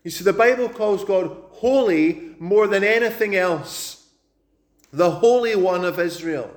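A man with a notably high voice delivers a sermon. He speaks with emphatic conviction, repeats key words to drive them home, and slows deliberately when reading scripture aloud. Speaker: preacher.

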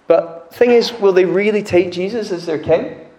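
A man preaching a sermon, animated and acting out crowd voices. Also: high voice, normal speed. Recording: echoey room.

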